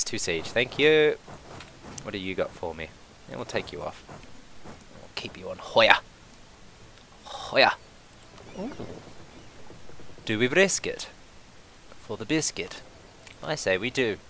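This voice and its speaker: Let's-play commentator: man, bright, excitable, casually profane, thinks aloud. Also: lowish voice, unhurried, pauses often, slight background noise. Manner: swears casually. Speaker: gameplay commentator.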